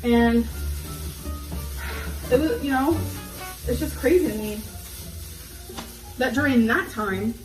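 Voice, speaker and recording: A woman's voice: on the high side, slow, pauses often. A young woman vlogging as she cooks in her kitchen, rambling in a loose, casual way, a little out of breath. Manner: rambling, heavy use of "like"; talking while cooking at the stove. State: slightly out of breath. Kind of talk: casual vlog talk to camera. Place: home kitchen. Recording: echoey kitchen with background music.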